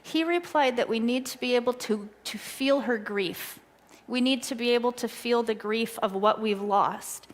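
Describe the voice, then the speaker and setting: A middle-aged woman giving an earnest, excitable talk at a church, telling stories from her own life. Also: a little high, moderate pace. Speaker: guest speaker.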